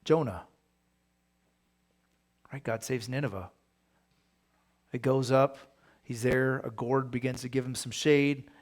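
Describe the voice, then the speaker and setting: A man's voice: mid-range voice, steady tone, slow, long pauses. A man, a pastor, teaching a Bible study in a casual, conversational way, often asking his listeners rhetorical questions.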